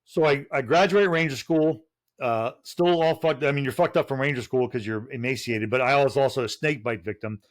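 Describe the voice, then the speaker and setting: A man's voice: medium pitch, normal speed. A middle-aged man, a retired Special Forces officer and podcast guest, telling rambling, profane anecdotes with frequent restarts. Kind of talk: casual podcast storytelling.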